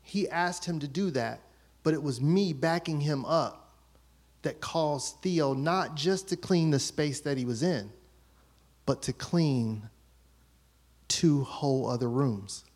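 A man's voice: on the high side, slow pace, a little mellow. A man in his thirties preaching a sermon as pastor, telling a story about his children and acting out their voices.

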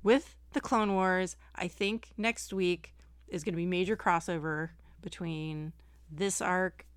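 A middle-aged woman co-hosting a podcast in a chatty, animated way, quick to joke. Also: lowish voice, clear, resonant tone, no echo. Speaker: podcast co-host. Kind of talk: casual chat.

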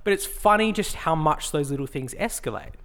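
A man's voice: on the high side, lively intonation, fairly quick, fairly bright tone. A man co-hosting a casual chat podcast, telling a story animatedly and acting out both sides of an argument. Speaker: podcast co-host.

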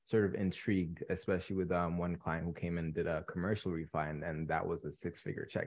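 A young man in his twenties from Canada, a guest telling his story in a relaxed interview with many ums. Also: low voice, a little fast, few pauses. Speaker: podcast guest, real estate investor. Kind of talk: casual interview chat.

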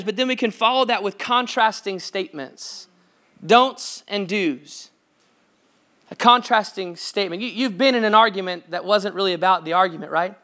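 A man's voice: sits high, pushed and bright. A man preaching a sermon as pastor at a church service, impassioned and quoting scripture as he lays out numbered steps.

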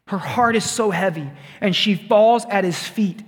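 A man's voice: high voice, measured pace, slightly rough. A man preaching a sermon as a youth pastor, retelling scripture in a conversational way with asides to his listeners. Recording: long reverb of a large hall.

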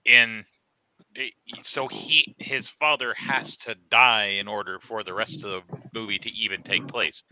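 A man's voice: on the low side, fairly even intonation, unhurried, pushed and bright, slight background noise, poor audio. A man co-hosting a podcast in casual chat, opinionated and sarcastic. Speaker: podcast co-host.

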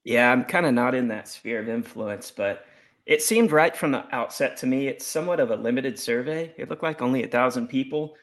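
A man's voice: mid-range voice, brisk. A man joining a panel discussion as a guest, speaking in a wry, sardonic way with dry asides.

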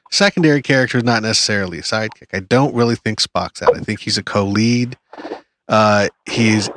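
A man's voice: mid-range voice, fairly bright tone, slight background noise. A man on a panel, arguing his vote in a hesitant way with many fillers and restarts. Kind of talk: casual debate.

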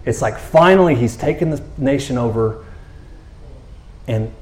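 A man's voice: mid-range voice, unhurried, echoey room. A man preaching a sermon as pastor, telling the story in a casual, joking way and acting out the characters' lines. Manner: animated, jokey storytelling with acted-out dialogue. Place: church.

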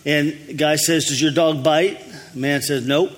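A man's voice: fairly high pitch, steady tone, normal speed, big-room sound. A man, the lead pastor, telling folksy jokes to his congregation in an easygoing way. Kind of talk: telling jokes before a sermon. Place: church hall.

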